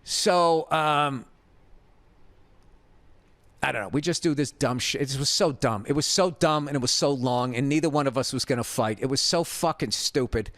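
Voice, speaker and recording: A middle-aged podcast host with a Boston accent rants his way through a story, casual and profane, animatedly acting out the people he quotes. His voice sits at medium pitch, the pace is normal, and there's no echo.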